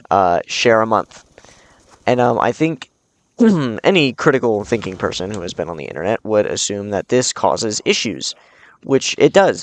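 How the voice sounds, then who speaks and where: A man talking earnestly to camera in casual commentary, often restarting his sentences with uh and um. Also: lowish voice. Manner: earnest, with frequent fillers and restarts. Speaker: video commentator.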